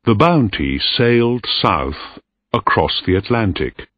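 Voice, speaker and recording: A man slowly narrating a simple story for English learners, reading it clearly. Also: on the low side, dry recording. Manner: very slow, clear, lively intonation. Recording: dry tinny lo-fi recording.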